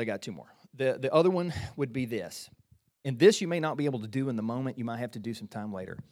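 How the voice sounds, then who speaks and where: Lively, conversational male preacher. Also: fairly high pitch. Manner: animated, conversational preaching with repeated phrases and quick restarts. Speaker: pastor. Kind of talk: sermon.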